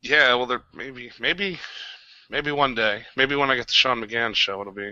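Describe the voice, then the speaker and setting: A man's voice: medium pitch, normal speed, sharp tone, dry recording, highs cut off. A man in his thirties from New Jersey, a podcast guest chatting casually and easily, full of fillers. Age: 30s. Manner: easygoing, filler-heavy, laughs along.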